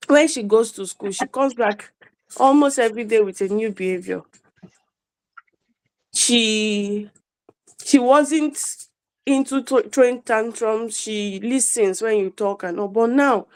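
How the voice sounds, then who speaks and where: A woman's voice: a little high, darkish tone, low-quality recording. A mother asking a workshop question, telling a long story about her children with frequent restarts. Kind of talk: casual question on a call.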